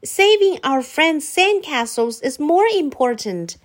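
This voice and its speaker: A woman voicing a small, cheerful boy in a storybook read-aloud, bright and eager. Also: high voice, very animated, slow, pitched above the performer's own voice, heavily acted.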